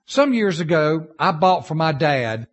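A man preaching to his congregation in a high, very lively voice. He tells homespun stories, jumping from loud outbursts to low, confiding asides. His pitch swings freely all through the sermon. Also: unhurried. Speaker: pastor.

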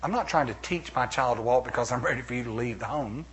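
A middle-aged man preaching a sermon as pastor, animated, with playful asides and acted-out quotes. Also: mid-range voice, fast, slightly rough.

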